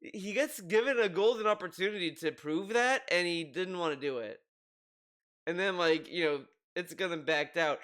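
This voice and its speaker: A man's voice: high voice, moderate pace, a bit bright, clear, resonant tone. A man giving rambling, sarcastic commentary on an online creator. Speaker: commentary youtuber. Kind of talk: video commentary.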